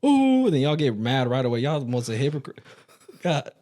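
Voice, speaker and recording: A man's voice: medium pitch, big pitch swings, fairly quick, warm tone. A man co-hosting a casual sports podcast, ranting emphatically and swearing freely about football teams. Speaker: podcast co-host.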